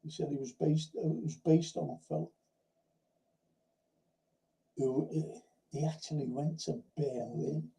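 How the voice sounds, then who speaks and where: A man's voice: on the high side, steady tone, a little slow, gravelly, long pauses, mellow, low-quality recording. A man hosting a film and TV review livestream, telling rambling anecdotes in casual chat, swearing now and then and often restarting his sentences. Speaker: host of a film and TV review show.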